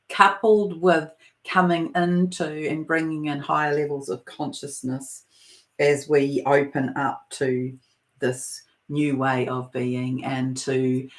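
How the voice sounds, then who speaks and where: Woman with a New Zealand accent, spiritual channeler; soft, meandering delivery with frequent pauses. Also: sits low. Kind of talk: live-streamed spiritual talk.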